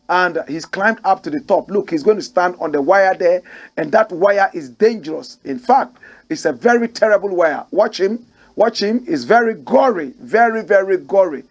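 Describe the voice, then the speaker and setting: A Ghanaian man commenting on the news in a lively, preacher-like way, and his voice sits a little higher than most men's. He leans hard on key words and repeats them for weight. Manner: animated, preacher-like, repeats phrases for emphasis. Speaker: commentary show host.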